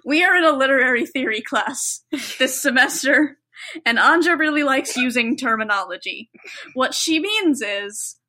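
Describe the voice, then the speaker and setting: A young woman co-hosting a podcast, quick-witted and analytical, laughing often in casual chat. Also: sits high, lively intonation, pushed and bright. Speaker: podcast co-host.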